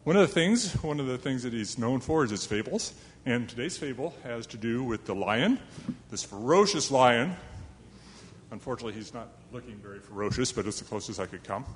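A man's voice: mid-range voice, quick pace, long reverb tail, slight background noise. A man telling a fable to a young live audience in a chatty, self-deprecating way, with asides to his listeners. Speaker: storyteller.

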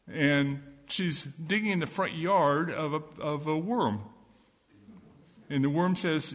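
Husky male storyteller for a children's talk in a reverberant hall. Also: a little high, a little slow. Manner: lively, animated storytelling with questions to children. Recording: echoey hall with long reverb.

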